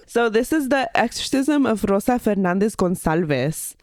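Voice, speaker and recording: A woman hosting a casual true-crime podcast, chatty and quick to laugh while she tells the case. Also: mid-range voice, animated, a little mellow, no room sound, studio quality. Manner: chatty, giggly, jokey asides. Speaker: podcast host, storyteller.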